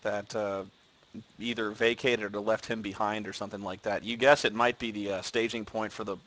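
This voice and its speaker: A man's voice: lowish voice, flat delivery, moderate pace, fairly bright tone. A man narrating a tabletop game as game master, loose and full of fillers.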